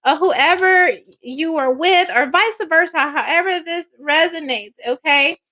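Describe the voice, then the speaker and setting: A woman's voice: very high voice, unhurried, sharp tone, rough recording. A woman doing a casual psychic tarot reading. She rambles in slang, swears now and then, laughs often, and keeps asking "okay?". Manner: chatty, rambling, slangy, frequent "okay?" check-ins. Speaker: psychic reader.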